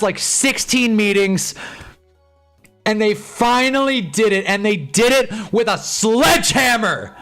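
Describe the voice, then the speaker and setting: A young man with a high voice hosts a live stream, reacting to a football game as he watches. He swings between glum muttering and excited shouting.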